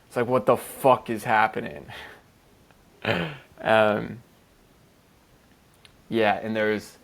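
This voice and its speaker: A man co-hosting a podcast in an easygoing, rambling chat. His voice sits low with a gravelly fry. He swears casually and leans heavily on "like" between his thoughts. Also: fairly even intonation, extremely slow, a bit bright. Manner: loose, profane, heavy "like" fillers. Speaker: podcast co-host.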